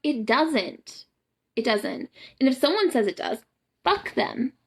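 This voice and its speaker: Young adult Southern US woman, live-stream pep talker: raised, gravelly voice, blunt, profane and emphatic. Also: on the high side, very animated, unhurried. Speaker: boudoir photographer and empowerment coach.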